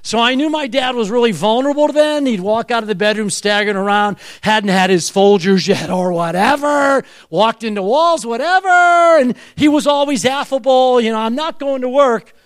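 A man in his seventies preaching a sermon, telling a personal story with animated delivery and calling out to the audience. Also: very high voice, normal speed, hardly any pauses, no echo, studio quality. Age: 70s.

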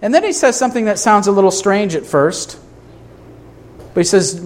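A man's voice: high voice, expressive, brisk, long pauses. A man preaching a sermon to a congregation in a church, emphatic, asking rhetorical questions. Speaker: pastor.

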